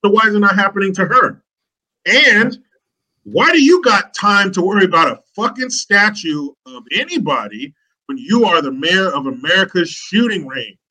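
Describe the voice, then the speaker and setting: Man, podcast guest, swearing and mocking, bright voice. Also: high voice, big pitch swings, normal speed, low-quality recording. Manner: profane, ranting, mocking. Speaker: podcast guest, online commentator. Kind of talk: casual podcast chat.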